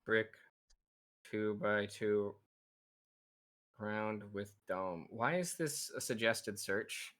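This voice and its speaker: A man's voice: lowish voice, extremely slow, long pauses, a bit bright. A male streamer in casual gaming chat, joking, swearing and laughing often while he plays.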